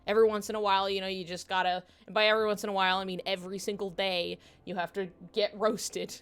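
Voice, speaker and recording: A woman with a medium-pitched, clear and resonant voice talks quickly while streaming a game from home, giggling often as she tells animated stories in casual chat. There's faint music in the background.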